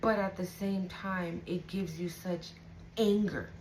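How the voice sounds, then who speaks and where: Her lowish voice is slow, steady and a little mellow, captured on a rough recording with a bit of hiss or hum. She's doing an intuitive tarot reading for her audience, casual and emotional, swearing a lot and checking in with "right?" again and again.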